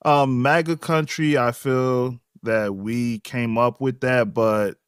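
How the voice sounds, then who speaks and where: Brief: laid-back slangy man guest, smooth resonant voice, dry sound. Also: mid-range voice, fairly even intonation, slow pace, no echo. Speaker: interview guest. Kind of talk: casual interview.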